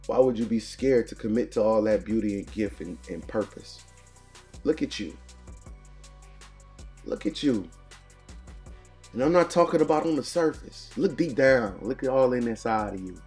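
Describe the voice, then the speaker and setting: A man's voice: mid-range voice, expressive, normal speed, pauses often, darkish tone, soft background music. A man hosting a morning motivation show, preaching in punchy, repeated lines. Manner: preachy, punchy call-and-response cadence. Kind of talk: motivational talk.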